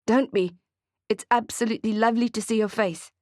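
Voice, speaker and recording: Woman voicing calm detached man, soft-spoken, measured, dry sound. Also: on the high side, dry recording, lightly acted. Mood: serene.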